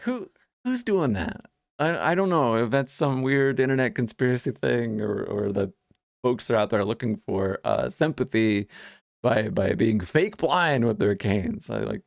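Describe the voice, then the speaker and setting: A man with a gravelly, fry-tinged voice tells everyday stories in a relaxed vlog monologue. He sounds wry and amused, stumbling over and repeating words as he talks. The sound is dry and close, with no room around it. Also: mid-range voice, dry recording. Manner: chatty, many restarts and repeated words. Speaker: vlogger sharing life stories. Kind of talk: casual storytelling monologue.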